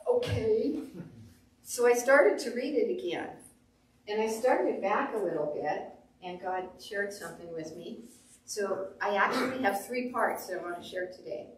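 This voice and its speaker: A woman pastor preaching a sermon, telling stories with animated delivery and acting out quotes. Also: mid-range voice, a little slow, recorded from a distance. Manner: animated storytelling, acts out quotes. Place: church sanctuary. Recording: echoey room, voice off the mic.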